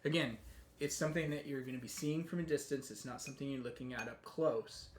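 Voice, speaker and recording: A man teaching a live painting tutorial, relaxed and chatty, often thinking aloud as he works. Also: mid-range voice, fast talker, reverberant, slight background noise. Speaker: painting instructor.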